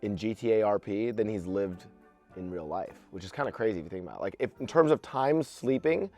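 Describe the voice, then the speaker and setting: A man's voice: lowish voice, animated, brisk, darkish tone, soft background music. A young man hosting a casual podcast chat, joking and laughing with slang. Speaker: host.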